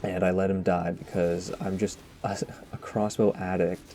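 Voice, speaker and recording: A man's voice: deep voice, little pitch movement, moderate pace, warm tone, a little hiss or hum. A man giving casual, rambling post-game commentary over his own gameplay, joking at his own expense and tossing asides to viewers. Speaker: gaming commentator.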